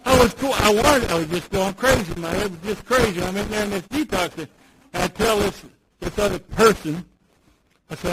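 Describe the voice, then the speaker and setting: A man giving a personal storytelling speech at a recovery meeting, dropping to near-whispers and then building loud. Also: sits high, moderate pace, background noise. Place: meeting room with audience.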